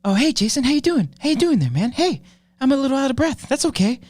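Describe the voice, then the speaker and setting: A man's voice: sing-song, fast talker, a little mellow, no room sound, heavily acted. A man doing an exaggerated, swaggering impression of a brash male movie star, with sudden blunt outbursts. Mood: cocky. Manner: high-pitched, swaggering, abrupt outbursts.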